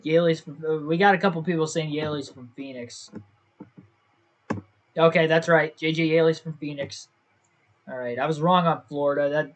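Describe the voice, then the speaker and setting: A man's voice: on the high side, steady tone, moderate pace, long pauses. Young man thinking aloud on stream. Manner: thinks aloud, second-guesses himself. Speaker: gaming livestreamer. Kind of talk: casual livestream commentary.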